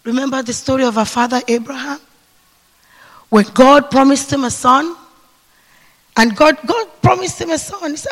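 A man preaching a sermon to a seated congregation, calling for responses and swinging between hushed whispers and shouts. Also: very high-pitched, normal speed, gravelly. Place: church hall with seated congregation. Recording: long reverb of a large hall.

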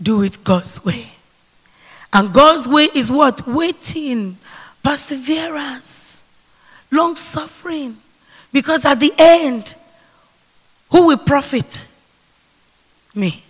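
A male preacher with a very high, bright, ringing voice delivers a sermon at a slow, deliberate pace. He calls on the congregation for responses and swings from hushed whispers to shouts. His voice trails off into the long reverb of a large church hall. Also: animated.

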